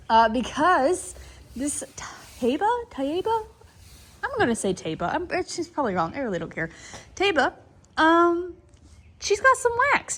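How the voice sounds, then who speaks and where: A woman's voice: sits high, a bit bright. A woman in a barn at night, chatting casually and rambling as she talks to her horses and viewers. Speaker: horse breeding farm foaling attendant. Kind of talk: casual vlog chat.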